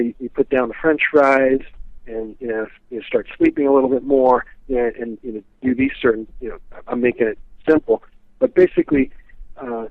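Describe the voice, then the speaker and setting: A man's voice: medium pitch, no room sound. A man telling stories as a guest in an interview, rambling with many fillers and restarts. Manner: rambling, full of "you know" and restarts. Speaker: guest expert on a historical psychic. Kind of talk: casual storytelling interview answers. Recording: tinny phone line, dry.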